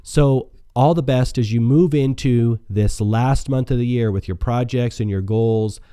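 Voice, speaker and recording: Man, scratchy voice, very dark mellow tone, earnest motivational podcast host. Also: medium pitch, measured pace, clear, resonant tone, no room sound, clean studio sound. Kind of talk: solo self-help podcast talk.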